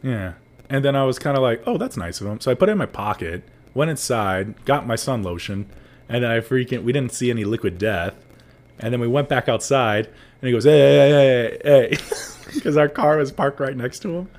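A man's voice: mid-range voice, lively intonation, fairly quick. A young man telling a story in casual chat, rambling with lots of likes and restarts, laughing often.

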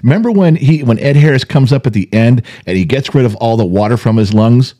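Older man, podcast co-host, casual storytelling, dark warm tone, big swings in pitch. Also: brisk. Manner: animated storyteller, acts out voices. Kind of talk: casual chat.

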